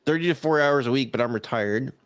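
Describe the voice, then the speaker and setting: This podcast co-host, a Southern Californian man, laughs a lot and rambles as he reads chat messages on a casual livestream. His mid-range voice is fast, clear and resonant with a fairly bright tone, and there's no room sound.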